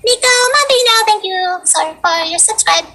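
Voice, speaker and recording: A woman putting on a tiny, sweet, high-pitched cute voice for thank-you shout-outs. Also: lively intonation, normal speed, a little hiss or hum, exaggerated voice. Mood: cheery. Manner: squeaky, sweet, bubbly.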